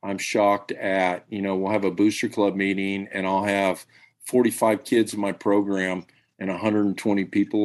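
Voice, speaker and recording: A man, a high school baseball coach, telling stories earnestly and emphatically in a podcast interview. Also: darkish tone. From Tennessee.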